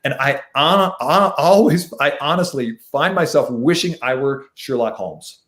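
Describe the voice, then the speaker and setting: A man's voice: medium pitch, unhurried, fairly bright tone. A man, a mystery author, chatting on a video call in a rambling way, often restarting his phrases. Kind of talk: casual conversation. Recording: roomy echo.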